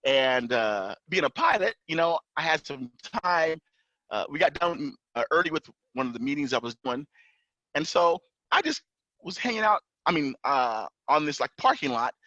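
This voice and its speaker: Telling a lengthy story as a guest on a podcast, this pilot and entrepreneur speaks at normal speed in a bright, forceful voice with wide pitch swings. He animatedly plays the officers and other characters, turning loud whenever he quotes them. The sound is casual, dry with no echo, and a bit dull, like a lo-fi podcast recording.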